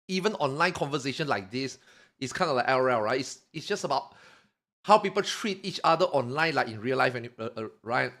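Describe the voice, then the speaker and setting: Bewildered streamer with a bright voice. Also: mid-range voice, lively intonation, brisk. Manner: bewildered, rambling, swears freely. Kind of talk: live reaction commentary.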